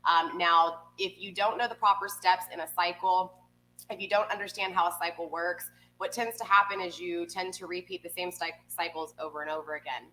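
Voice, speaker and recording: A woman's voice: lowish voice, fairly even intonation, brisk, bright, forceful tone, slight background noise, poor audio. A woman in her forties hosting a tarot reading, chatting casually with viewers, rambling with lots of ums. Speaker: tarot reader, channel host.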